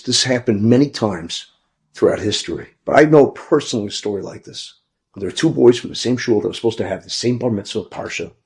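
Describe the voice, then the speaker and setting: A man who is a rabbi, telling an inspirational story in a conversational way, moving between emphatic bursts and hushed asides. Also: on the low side.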